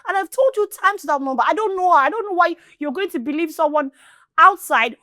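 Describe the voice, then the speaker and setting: A woman's voice: very high voice, expressive, fairly quick, pushed and bright, dry recording, studio quality, exaggerated voice. An actress playing a young woman, defensive and pleading against accusations in a Nollywood film. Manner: defensive, pleading, on the verge of tears. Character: young woman denying accusations, self-pitying.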